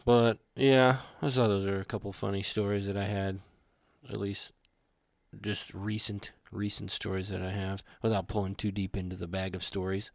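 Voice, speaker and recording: A young adult man co-hosting a podcast, telling animated, rambling stories in casual chat. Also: low-pitched, normal speed, creaky, dry recording, studio quality. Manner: rambling, animated storytelling with restarts. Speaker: podcast co-host.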